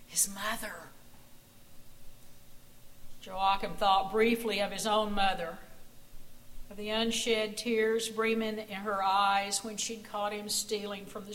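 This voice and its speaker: A woman preacher telling a dramatic story in a church sanctuary, often hushing her voice to a near whisper. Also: mid-range voice, low-quality recording. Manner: dramatic, hushed storytelling with dropping voice. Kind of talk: storytelling sermon.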